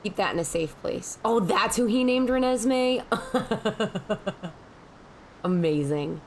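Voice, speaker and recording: A woman's voice: mid-range voice, animated, slow pace, slight background noise. A woman streamer giving casual, amused commentary while playing a game. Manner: chatty and amused, reacting to the game. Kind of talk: casual let's-play commentary. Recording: game music behind the voice.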